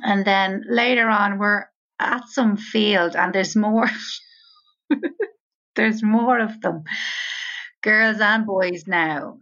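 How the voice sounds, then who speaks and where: A woman's voice: mid-range voice, very slow, long pauses, a bit bright. A woman with an Irish accent, co-hosting a podcast and telling rambling anecdotes with casual swearing. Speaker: podcast co-host. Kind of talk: casual chat. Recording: slightly dull, lo-fi audio.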